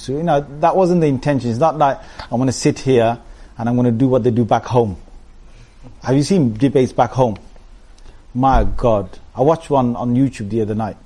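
A man giving an Islamic talk to a gathering, speaking casually and with humor, often breaking into lively impressions. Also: medium pitch. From Britain. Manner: animated, mimics shouting preachers with humor; melodic chanted recitation. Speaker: preacher. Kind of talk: Islamic talk with Quran recitation.

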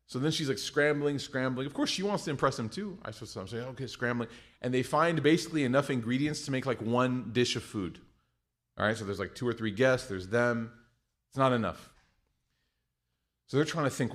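A man preaching in a mosque with a lively, chatty delivery. He often drops into other voices for the people in his stories. His pitch sits in a middle range for a man. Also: moderate pace. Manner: lively, conversational, acts out quoted people. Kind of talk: sermon.

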